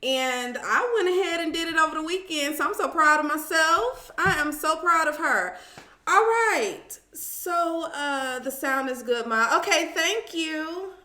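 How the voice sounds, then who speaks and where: A woman's voice: high voice, lively intonation, unhurried, bright, forceful tone, roomy sound. A woman hosting a casual live stream from home, chatting with viewers, greeting them by name and calling them child and boo.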